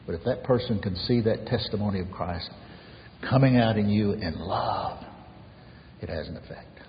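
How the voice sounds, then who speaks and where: A man preaching an earnest sermon as pastor, swinging from raised emphasis to soft near-whispers. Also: on the low side, moderate pace, big-room sound, dull audio, a little hiss or hum.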